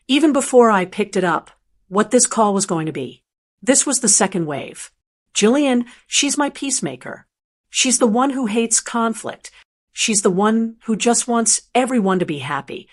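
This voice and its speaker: Calm woman reading a first-person story. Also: fairly high pitch. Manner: calm, measured, reflective. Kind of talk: scripted first-person narration.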